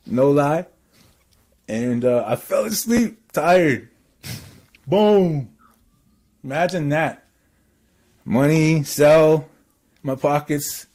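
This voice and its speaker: A man from Canada telling a story in casual chat, excitable and rambling with lots of fillers. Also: medium pitch.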